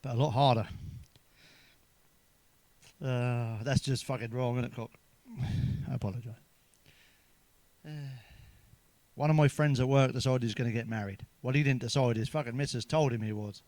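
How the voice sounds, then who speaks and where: A man's voice: mid-range voice, steady tone, moderate pace, long pauses, darkish tone, dry recording. A man telling crude stand-up jokes in a chatty, swearing manner, ending with tag questions. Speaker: stand-up comedian.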